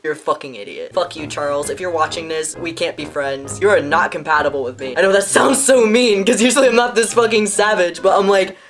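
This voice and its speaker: A man's voice: sits high, steady tone, fairly quick, few pauses, music in the background. A man telling a story in a casual vlog, ranting and swearing in an agitated way.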